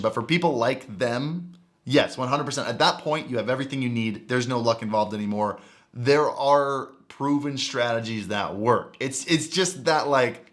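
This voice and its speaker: A man chats casually on his livestream, reacting as he goes. He rambles, restarts his sentences, and corrects himself mid-thought. His voice sits at an ordinary middle pitch. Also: a bit bright. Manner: rambling, self-correcting, thinks aloud. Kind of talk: casual stream commentary.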